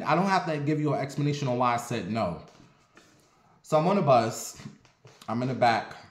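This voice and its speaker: A man from Ohio telling a casual story in an animated, profane, dramatic way. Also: mid-range voice. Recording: roomy echo.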